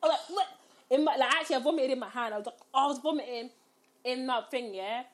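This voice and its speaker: A young woman shares a story in casual conversation, talking fast in a slightly high voice. She laughs along the way and acts out her own quotes with big vocal swings.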